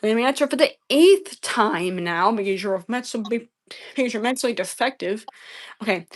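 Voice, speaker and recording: A woman's voice: medium pitch, normal speed. A woman live-streaming a debate, answering chat questions in an exasperated, profane way and repeating herself.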